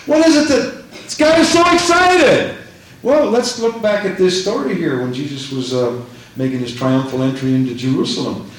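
Male preacher, high voice, fired up, echoey church with faint hum, mic far off. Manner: rousing, shouts rhetorical questions, acts out scripture quotes. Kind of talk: sermon.

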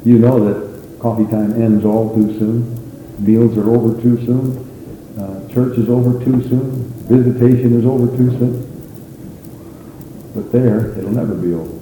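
A man preaching a sermon in an animated, folksy way, with frequent exclamations. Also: medium pitch, a little slow, pauses often. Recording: echoey hall with faint noise.

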